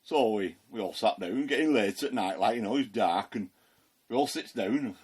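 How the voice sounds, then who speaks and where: Here is Peter the fisherman, as a man brings him to life, telling his tale in a broad voice. The tone is husky and breathy, the pitch rises and falls with lively swings, and he rambles along in an easy, folksy way with plenty of fillers. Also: normal speed. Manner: chatty, folksy, fillers and chuckles. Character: the apostle Peter, plain-spoken working fisherman. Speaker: Christian ministry performer. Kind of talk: first-person storytelling monologue.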